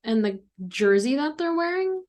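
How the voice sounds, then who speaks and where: A woman hosting a podcast in casual chat, teasing her guest with quick questions. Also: high voice, sing-song, a little mellow. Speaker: podcast host.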